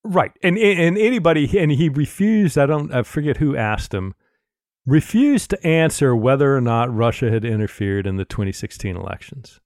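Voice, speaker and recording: A man co-hosting a political podcast, talking in a casual, animated and indignant way, swearing freely. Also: medium pitch, normal speed, no echo, clean studio sound. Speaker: podcast co-host.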